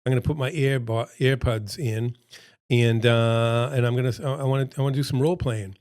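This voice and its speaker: A middle-aged man leads a seminar in a loose, conversational pep-talk manner, circling back to hammer his points home. His voice sits at an ordinary male pitch, with a slightly froggy throat running through it. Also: steady tone, a little fast, a little mellow. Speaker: seminar presenter. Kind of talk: casual motivational seminar talk.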